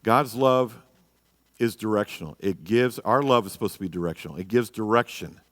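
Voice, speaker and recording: In a church hall with live, reverberant sound, a pastor teaches a marriage class, emphatic and full of rhetorical questions. His voice is on the low side and fairly bright, at normal speed.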